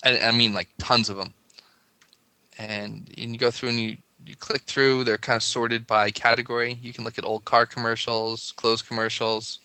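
A man's voice: medium pitch, level tone, normal speed, pushed and bright, clear, resonant tone, no room sound. A man co-hosting a podcast in casual chat, rambling and laughing as he talks. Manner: chatty, rambling, laughs often. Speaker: podcast co-host.

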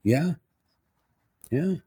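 A man's voice: fairly high pitch, expressive, drawn-out words, crowd noise. A man, a bishop hosting the interview, answering his guest with brief affirming remarks. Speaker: bishop and host. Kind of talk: interview host responses.

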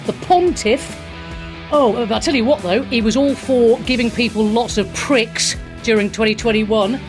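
A woman's voice: on the high side, unhurried. A woman giving opinionated radio commentary in a sarcastic, mocking tone. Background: music bed.

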